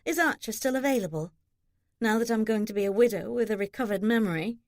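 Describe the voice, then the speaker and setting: A woman's voice: on the high side, fast talker, dry recording, close to an everyday voice. A mischievous young widow, played by a woman, sly and teasing in a slightly raised voice. Dry, close recording. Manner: sly, playful.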